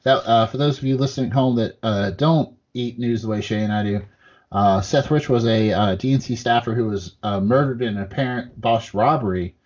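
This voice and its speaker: A man rambles through politics on a podcast, swearing freely and acting out quotes as he goes. His voice sits at an ordinary pitch. The recording is a little dull and muffled. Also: a little fast, darkish tone. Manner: profane, rambling, acts out quotes. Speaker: podcast co-host. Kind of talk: casual political chat.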